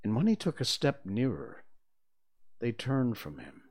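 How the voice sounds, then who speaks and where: Slow, expressive male storyteller. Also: medium pitch. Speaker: reader. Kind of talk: storybook reading.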